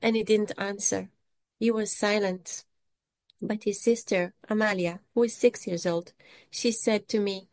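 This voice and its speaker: A woman, an English speaker, giving an emotional first-person testimony in a halting way, often repeating and restarting words. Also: medium pitch, steady tone, a little mellow.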